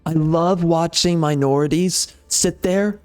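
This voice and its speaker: A man's voice: fairly high pitch, slow, clean tone, soft background music. A man ranting off the cuff over gameplay, heated and sarcastic, often repeating himself. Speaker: gaming channel host.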